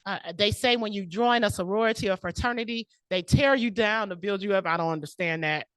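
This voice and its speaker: A woman's voice: mid-range voice, a little fast, no echo. A woman giving a prepared, personal speech at a club meeting, laughing often and close to tears. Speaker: club speaker. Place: meeting room.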